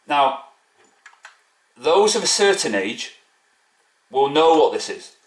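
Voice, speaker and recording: A man's voice: fairly high pitch, sing-song, slow. A man ranting mockingly to camera about a rival football club in a fan video. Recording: echoey room.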